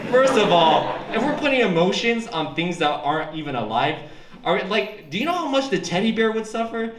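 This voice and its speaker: A young male comic on a club stage, his voice high and swinging widely in pitch. He talks in a loose, rambling way, picked up by a stage microphone. The room rings with echo and the crowd is loud. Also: big pitch swings, a little fast, a little hiss or hum. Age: young adult. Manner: loose, rambling delivery that breaks into shrieking character voices. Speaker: stand-up comic. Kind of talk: open mic stand-up set. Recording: echoey room with loud audience.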